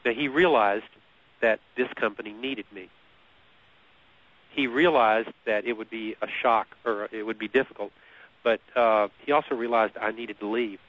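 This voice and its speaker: A man telling a personal story in an easy conversational way. He is animated, often repeats words and laughs at his own story. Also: lowish voice, normal speed, no echo. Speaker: guest. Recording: muffled lo-fi radio recording.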